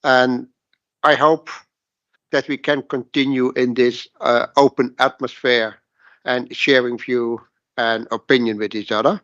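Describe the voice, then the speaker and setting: A man's voice: medium pitch, little pitch movement, a little slow, a bit bright, dry recording, highs cut off. A man chairing a workshop, making polite formal remarks in slightly broken phrasing. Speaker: session chair.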